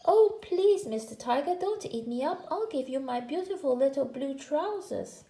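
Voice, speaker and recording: A woman's voice: sits high, expressive, moderate pace, dark tone, roomy sound. A woman voicing a small frightened boy, clever and pleading, in a read-aloud storybook.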